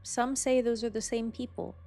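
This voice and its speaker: Her voice is on the high side and her speed normal, with soft music in the background. This woman streams a game in casual chat, excitable and ranting, full of profanity and sudden shrieks.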